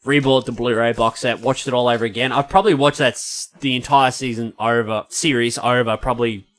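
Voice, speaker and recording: An Australian man talking casually on a podcast, his voice bright and forward. He speaks with easy enthusiasm and drops swear words freely, pitched at a normal middle height. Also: fairly even intonation, fairly quick. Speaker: podcast co-host. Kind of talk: casual chat.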